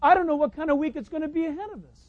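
A man preaching a sermon, stressing key lines with sudden high leaps and dropping into chatty asides. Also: fairly even intonation, rapid-fire, no room sound, narrow, tinny audio. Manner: emphatic preaching, voice leaping high on key phrases. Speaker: pastor.

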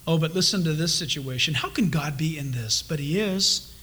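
Brief: man preaching a Bible teaching, lively and questioning, high bright voice. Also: unhurried. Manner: animated, asks the congregation questions, acts out quoted voices. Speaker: pastor. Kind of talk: expository sermon.

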